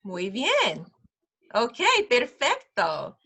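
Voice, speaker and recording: A woman teaching parents simple Spanish phrases in an online class, patient and slowing down over each phrase. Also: a little high, animated, sharp tone. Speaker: preschool director teaching parents.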